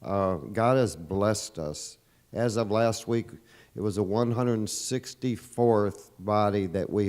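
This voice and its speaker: A man's voice: fairly low pitch, a little mellow. A man, leader of a volunteer search group, giving an earnest, emotional statement at a press conference. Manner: earnest, emotional, insistent and repetitive.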